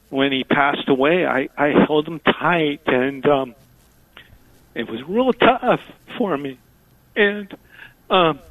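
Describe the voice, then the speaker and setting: Halting man caller on a phone line. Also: on the high side, no echo. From South Texas. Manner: halting, many pauses and fillers. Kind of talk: call-in radio chat. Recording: dry, tinny phone line.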